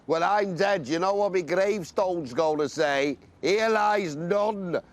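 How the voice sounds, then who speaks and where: A self-pitying washed-up comic. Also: male voice, sits high, takes it slowly. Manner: whiny, loud outbursts. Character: washed-up male comedian, self-pitying and desperate.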